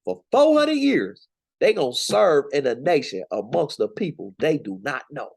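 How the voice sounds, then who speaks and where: A man's voice: on the high side, big pitch swings, normal speed, vocal fry, darkish tone, husky. A young man teaching scripture in a casual, slangy, emphatic way, from the United States. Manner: conversational, preachy, slangy and emphatic. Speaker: Bible teacher.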